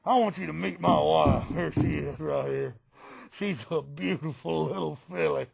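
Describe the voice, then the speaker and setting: A man's voice: a little high, moderate pace, vocal fry, darkish tone, breathy edge, no room sound, exaggerated voice. A man voicing a smug, boastful mock Texan politician in a put-on Texan drawl, mocking and cackling. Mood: cooing. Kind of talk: political satire impression.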